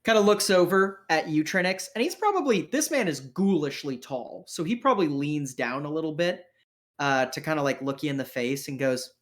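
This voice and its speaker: A man's voice: a little high, lively intonation, normal speed. Casual man narrating a tabletop game. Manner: casual, vivid, with fillers and restarts. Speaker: game master.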